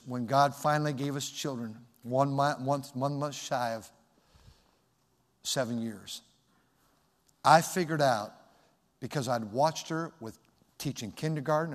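A man preaching a sermon as a pastor, loud and emphatic, in a plain conversational way. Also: medium pitch, big-room sound.

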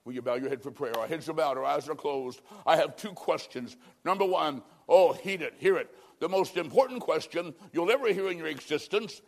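Male evangelist, fairly high voice, testimony sermon, pleading and emphatic. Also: a little fast, few pauses. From American Midwest. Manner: pleading, emphatic, swings from loud to hushed. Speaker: evangelist preacher.

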